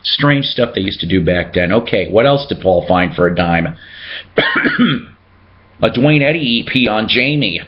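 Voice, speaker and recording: A man's voice: fairly low pitch, sing-song, measured pace, dull audio. A man hosting a casual show-and-tell video about his records, chatting and joking as he reads out the labels. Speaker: record collector host.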